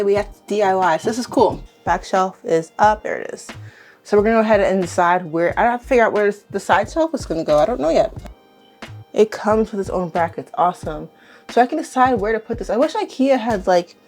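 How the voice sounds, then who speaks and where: A young woman chatting casually as she shows and rearranges her plants, rambling, correcting herself and getting excited. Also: mid-range voice. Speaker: plant vlogger. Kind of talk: casual vlog chat while working. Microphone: handheld camera on tripod.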